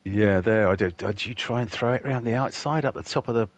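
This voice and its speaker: Man, very low voice, jovial race commentator, chatty, laughs a lot. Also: fast, no room sound. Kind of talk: casual live race commentary.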